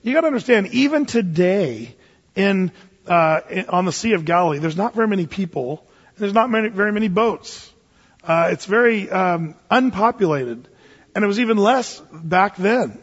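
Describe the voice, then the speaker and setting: Folksy male pastor, high husky voice, emphatic Bible teaching, muffled hall reverb. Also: lively intonation, moderate pace. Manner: folksy, emphatic, chatty asides. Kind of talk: conversational verse-by-verse bible teaching. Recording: dull, echoey hall recording.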